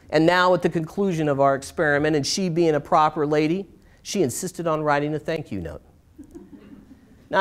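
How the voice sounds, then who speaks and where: A middle-aged man giving a live storytelling performance, swinging between bright lifts and hushed, slowed moments, with dramatic pauses. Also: a little high. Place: stage in a small performance space.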